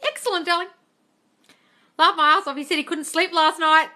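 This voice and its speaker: Blunt, sweary woman with a bright voice. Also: very high voice, normal speed. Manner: blunt, swears freely, calls viewers darling; animated, squeals and laughs at comments. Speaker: livestream host answering viewer questions. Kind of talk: casual live Q&A. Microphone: phone livestream.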